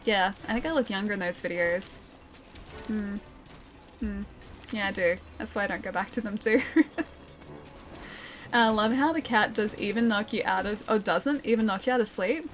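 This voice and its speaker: A woman's voice: mid-range voice, lively intonation, moderate pace, long pauses, a little hiss or hum. A young woman streaming a game, chatting casually with viewers, laughing often and reading comments aloud. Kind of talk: casual live-stream chat. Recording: game music playing underneath. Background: game music.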